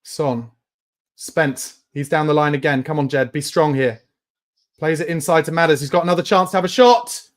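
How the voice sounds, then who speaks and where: A man whose voice sits on the high side, at normal speed, reacts live to a match while hosting fans. His play-by-play is laced with angry swearing and bursts of shouting aimed at his team.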